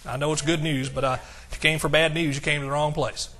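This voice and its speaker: A male pastor preaching an exuberant sermon, shouting praise and reading scripture slowly and emphatically. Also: a little high, little pitch movement.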